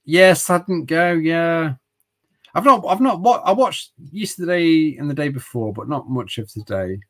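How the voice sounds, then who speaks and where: A middle-aged man talks casually as he streams old games. His voice sits a little high, and he rambles, restarts his sentences and cracks jokes at himself. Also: lively intonation, unhurried, fairly bright tone, low-quality recording. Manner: rambling, stumbling restarts, jokey. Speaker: streamer playing retro games. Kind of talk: casual livestream chat.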